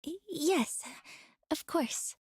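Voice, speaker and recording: A young florist in a game, voiced by a woman, stammers hesitantly in a very high, lively voice. She speaks slowly, close and dry. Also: dry recording, full character voice. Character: shaken young woman flower shop owner.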